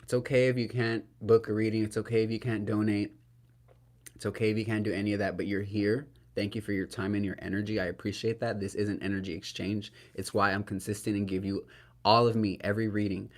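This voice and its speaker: Emotional tarot reader guy, lowish voice, talks to y'all and keeps asking right?. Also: little pitch movement, quick pace. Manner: earnest and emotional, speaks to viewers as "y'all", tags lines with "right?"; spiritual, invokes Spirit and archangels. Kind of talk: solo tarot reading to camera.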